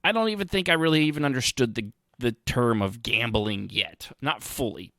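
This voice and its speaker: A man's voice: mid-range voice, moderate pace, bright, forceful tone, dry recording, studio quality. A man hosting a podcast, rambling through casual commentary with sarcastic asides and frequent restarts. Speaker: podcast host.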